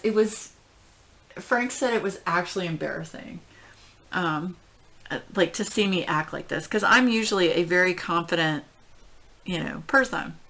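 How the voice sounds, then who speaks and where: A middle-aged woman telling a story at home in casual chat, rambling and animated, with many fillers. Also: on the low side, vocal fry. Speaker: crafting channel host.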